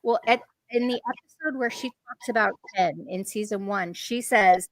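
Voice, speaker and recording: A woman hosting a casual panel chat, telling stories quickly and with animation. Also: mid-range voice, no echo, studio quality. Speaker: host.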